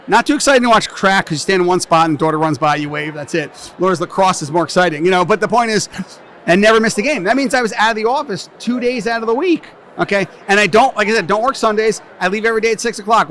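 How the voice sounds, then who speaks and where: A middle-aged tax business owner from New Jersey chats in a casual interview at a conference venue, playing the brash, joking storyteller. His voice sits high and is a bit bright, and he talks fast.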